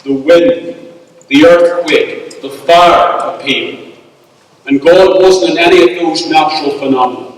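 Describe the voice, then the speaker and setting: A male pastor, preaching a sermon in a measured, emphatic way with pauses. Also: mid-range voice, a bit bright, slight background noise. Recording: echoey hall, speaker far from mic.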